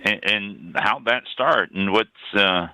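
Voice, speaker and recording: A man's voice: fairly low pitch, takes it slowly, pushed and bright, dry recording, low-quality recording. A man hosting a wine radio show, asking questions and reacting with short remarks in a casual interview.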